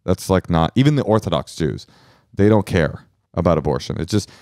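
Male podcast cohost, low voice, very animated delivery, dry close mic. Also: fairly quick, no room sound. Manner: rambling, animated storytelling with restarts. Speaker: podcast host. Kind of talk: casual comedic chat.

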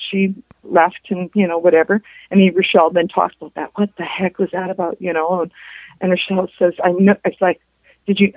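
A woman, a guest on a show, recounting a personal story in a halting way, with restarts and reported dialogue. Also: on the low side, dry recording. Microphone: telephone. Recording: tinny phone line.

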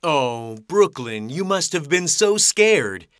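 A woman voicing a kind, gentle father shark in a cartoon, talking in a reassuring, animated way. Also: sits low, slow, dry recording, full character voice. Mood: caring. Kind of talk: cartoon voice acting. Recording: dry studio sound.

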